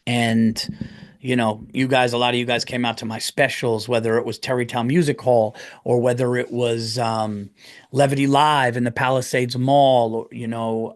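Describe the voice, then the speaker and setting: A man hosting his own podcast, talking alone in a rambling, profane way that swings into loud rants. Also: medium pitch. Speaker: podcast host. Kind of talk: casual solo podcast monologue.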